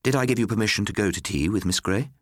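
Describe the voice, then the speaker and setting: A man's voice: fast, dry recording, studio quality, close to an everyday voice. A man voicing a bitter, furious Victorian mother who cuts with threats and rises to desperate cries. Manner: shrill, cutting threats rising to desperate cries.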